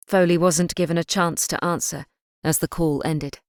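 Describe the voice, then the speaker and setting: Woman, audiobook narrator, scripted narration, measured, low pitch, dry close sound. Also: steady tone, a little mellow, dry recording.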